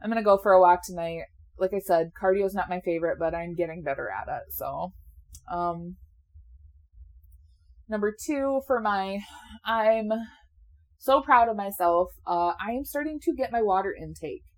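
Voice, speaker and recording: A woman's voice: medium pitch, animated, normal speed, pauses often. A woman in her late twenties chatting casually and candidly, laughing often and swearing now and then, a little sleepy. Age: 20s. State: sleepy, yawning. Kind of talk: casual chat.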